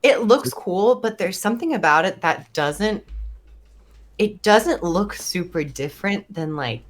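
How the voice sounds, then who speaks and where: A woman's voice: mid-range voice, animated, unhurried. A woman chatting as a guest on a casual gaming podcast, tossing in joking asides.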